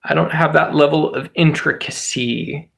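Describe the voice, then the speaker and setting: A man with a notably high speaking voice rambles through a casual vlog. He muses aloud and then drifts into jokes. The sound comes from a phone propped on a box. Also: fairly even intonation, moderate pace, gravelly, fairly bright tone. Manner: rambling, jokey, musing. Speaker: channel host. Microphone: phone resting on a box.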